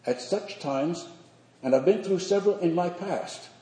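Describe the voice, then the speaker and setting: An older man, a priest, preaching a sermon in measured, earnest phrases with slow emphatic pauses. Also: sits high, dark tone. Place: church sanctuary. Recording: echoey church hall.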